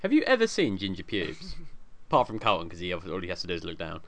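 A man's voice: low-pitched, wildly swooping pitch, quick pace. A man co-hosting a podcast in casual chat, joking and laughing often. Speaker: podcast co-host.

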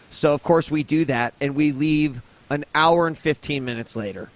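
Animated, swearing man telling a story. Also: fairly high pitch, moderate pace, few pauses. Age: 30s. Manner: animated, profane, rambling. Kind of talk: casual storytelling.

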